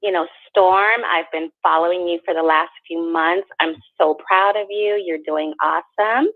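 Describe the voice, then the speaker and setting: A woman's voice: fairly low pitch, normal speed, dry recording. Caller: a Californian woman with a Valley girl accent, gushing with praise, heard over a phone line. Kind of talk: call-in praise.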